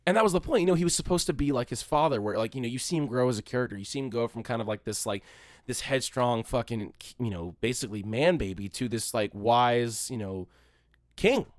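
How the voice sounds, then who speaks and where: A man's voice: mid-range voice, animated, brisk, no room sound, clean studio sound. A man co-hosting a podcast, talking casually about a movie in a rambling, profane way and mocking scenes by quoting them. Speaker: podcast co-host. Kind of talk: casual movie review chat.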